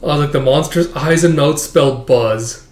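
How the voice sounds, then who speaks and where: Casual male recapper, slightly high voice, echoey room. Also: a little slow, darkish tone. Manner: filler-heavy, chuckling retelling. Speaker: manga reader and reviewer.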